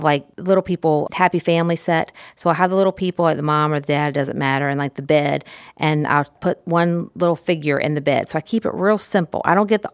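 A woman speech therapist explaining therapy play in a conversational teaching style, acting out child-directed phrases with sudden high calls and soft whispers. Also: vocal fry, dry recording, studio quality. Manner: demonstrates child-directed phrases with big pitch jumps and whispers. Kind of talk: instructional talk.

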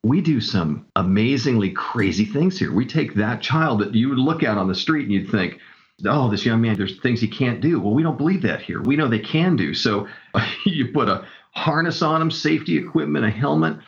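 A man's voice: medium pitch, animated, moderate pace, gravelly, muffled recording. A man telling stories with enthusiasm as a guest in a casual interview. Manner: enthusiastic storyteller. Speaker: camp director guest.

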